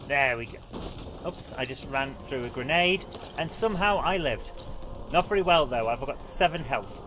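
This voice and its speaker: A woman's voice: extremely low pitch, animated, normal speed, noisy background. A woman hosting a live game stream, chatting in a rambling, self-deprecating way while she plays and greets viewers. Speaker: livestream gaming host. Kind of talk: live gameplay commentary with chat.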